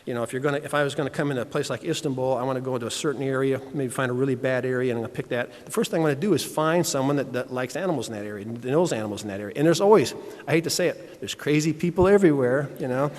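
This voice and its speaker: Man lecturing at a conference, quick and casual, in a reverberant hall. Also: medium pitch, a little mellow. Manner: conversational, plainspoken, frequent "you know" asides. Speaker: veterinarian giving a conference talk. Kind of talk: unscripted conference presentation.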